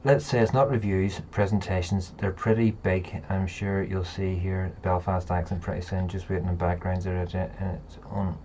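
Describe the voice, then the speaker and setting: A man's voice: low voice, little pitch movement, normal speed, few pauses, warm tone, lo-fi sound, a little hiss or hum. A man hosting a casual live chat, rambling and talking straight to his viewers. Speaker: livestream host.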